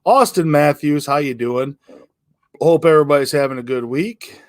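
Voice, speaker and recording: A man's voice: fairly high pitch, normal speed, no echo, clean studio sound. A man hosting a casual livestream, greeting viewers by name and rambling with lots of ums and uhs. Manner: relaxed, rambling, many fillers and restarts. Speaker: livestream host. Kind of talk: casual live chat reading comments.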